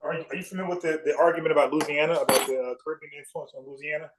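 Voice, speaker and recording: A man's voice: fairly high pitch, fairly even intonation, rapid-fire, noisy background. A man from South Carolina hosting a livestream, talking bluntly and profanely, repeating words when he gets fired up. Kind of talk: casual heated debate.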